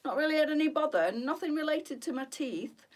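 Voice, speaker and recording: A woman's voice: high voice, animated, a little fast, distant mic. A British woman hosting a boutique live stream, chatting casually and wandering off on tangents.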